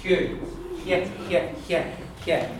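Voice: medium pitch, steady tone, slow pace. A teacher with a Donegal accent giving a classroom pronunciation lesson, patiently saying each sound again and again. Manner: patient, repeats sounds many times over. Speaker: language teacher. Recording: very echoey room, mic far off, background noise.

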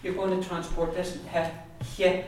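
A teacher with a Donegal accent leads a pronunciation class, repeating each syllable many times. The voice sits at an ordinary middle pitch. It comes from far off in a very reverberant room with steady noise behind. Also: measured pace, faint music behind. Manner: patient, repeats sounds many times over. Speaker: language teacher. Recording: very echoey room, mic far off, background noise.

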